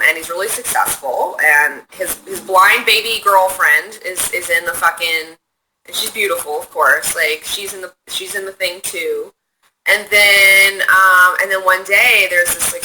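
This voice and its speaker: A woman livestreaming from her phone, chatting casually and answering viewer comments in a profane, rambling, excitable way. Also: lowish voice, a little hiss or hum, poor audio.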